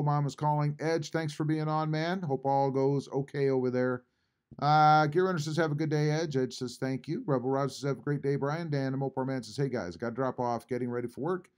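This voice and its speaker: A man hosting a casual live stream from home, reading chat messages aloud and answering them with frequent pauses. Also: medium pitch, a little mellow. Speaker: YouTube channel host reading live chat. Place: home, at a computer.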